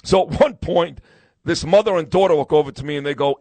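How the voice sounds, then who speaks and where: A man's voice: a little high, brisk, mellow, dry recording. A brash, boastful man, hosting a live talk radio show and telling stories in casual chat.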